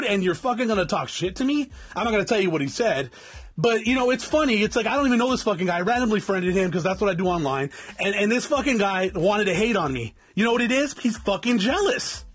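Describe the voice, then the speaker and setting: His voice is high, a bit bright, and slightly rough. A forties-aged vlogger from South Tucson, Arizona, he delivers a blunt, lecturing motivational rant to his "guys," swearing all the while.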